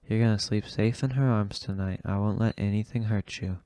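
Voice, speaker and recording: A man voicing a gentle woman who speaks very softly and soothingly. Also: lowish voice, steady tone, a little fast, clear, resonant tone, dry recording, lightly acted. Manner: very soft, soothing. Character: gentle, comforting older butch-loving trans woman.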